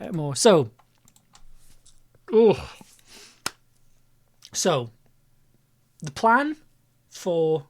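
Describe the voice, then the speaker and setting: Lower-voiced woman chatting on a live stream. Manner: rambling, laughs often, self-mocking. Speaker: live streamer and audio producer. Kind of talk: casual live-stream chat.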